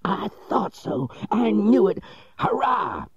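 A wild-eyed gentleman treasure hunter, put on by a man reading a storybook, barks orders in high, strained shouts. The recording is dry and close with a dulled, lo-fi edge. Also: animated, a little slow, no room sound. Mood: frantic. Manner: shouting, frantic.

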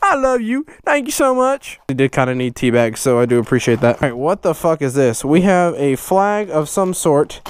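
Excitable, cursing young male vlogger. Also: on the high side, moderate pace, hardly any pauses, clean tone. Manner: excitable, swears a lot, bursts into shouting. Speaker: vlogger opening fan mail. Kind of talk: casual profane vlog chat.

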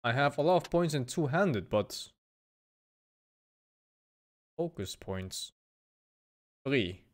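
A man streaming a game, reacting in excited and sweary outbursts as he plays. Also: medium pitch, takes it slowly, pauses often. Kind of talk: live gameplay commentary.

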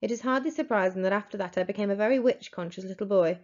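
A woman teacher reads a children's storybook aloud, telling the story in an expressive, dramatic way. Her medium-pitched voice moves at a quick pace, and the recording sounds dull and lo-fi.

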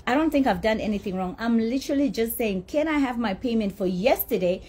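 A woman with a slightly high, husky voice tells her story as a heated rant. She is blunt and indignant and swears freely. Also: lively intonation, brisk, dark tone. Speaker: socialite telling her side.

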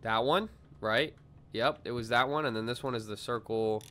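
A young man giving casual gameplay commentary, excitable and swearing a lot as he shouts at the game. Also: mid-range voice, normal speed, a little hiss or hum. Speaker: gaming video creator.

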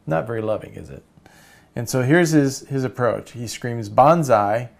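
A man's voice: medium pitch, moderate pace, creaky. Man teaching cartooning, rambling and casual. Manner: relaxed, rambling, many fillers and restarts. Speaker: cartooning instructor. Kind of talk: casual course lecture.

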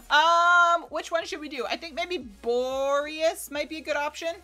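High, bright-voiced excitable woman streamer. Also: unhurried. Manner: chatty, excitable, swears and laughs. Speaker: game streamer. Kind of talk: live gameplay commentary. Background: faint game music.

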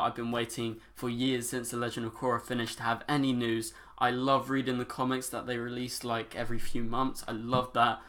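Teenage guy, YouTube reaction vlogger, gushing, overexcited, mid-pitched voice. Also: bright, forceful tone. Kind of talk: excited reaction vlog.

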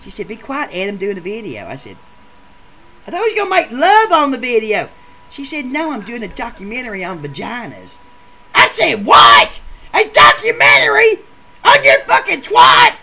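Male actor for a foul-mouthed cartoon gameshow contestant, bright and forceful, with a very lively pitch and rambling, profane delivery. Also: brisk, gravelly, exaggerated voice. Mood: ranting. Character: crude rowdy adult male gameshow contestant. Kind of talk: comedic machinima voice acting.

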